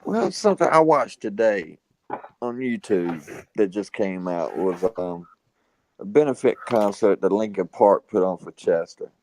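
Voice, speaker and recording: A man's voice: fairly low pitch, expressive, measured pace, a little mellow, a little hiss or hum, poor audio. A man in a casual podcast chat, talking earnestly and ranting a little. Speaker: podcast co-host.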